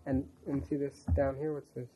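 A woman's voice: rumbling low, little pitch movement, normal speed, husky, muffled recording. A woman patiently quizzing a toddler with questions during a home recording. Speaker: family member teaching a toddler.

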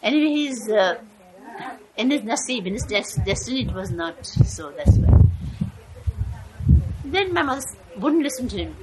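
A woman's voice: on the high side, lively intonation, normal speed, pauses often, very noisy. An older woman telling a family story in a rambling way, often stopping to search for words. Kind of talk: personal storytelling. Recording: crowd chatter in background.

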